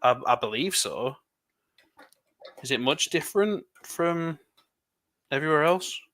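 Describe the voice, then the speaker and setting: English man, casual stream co-host, sharp bright tone, talkative. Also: fairly high pitch, expressive. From England. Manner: chatty, rambling, quick laughs. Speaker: livestream co-host building LEGO. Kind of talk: casual chat.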